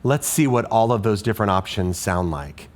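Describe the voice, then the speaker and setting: A man's voice: on the low side, animated, moderate pace. A male elementary music teacher who explains a classroom lesson in a patient, questioning tone.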